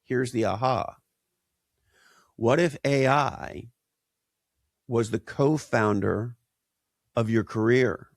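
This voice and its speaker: Male guest, mid pitch, punchy and emphatic, rhetorical style, dry sound. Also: slow, pauses often, dry recording. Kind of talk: conversational interview.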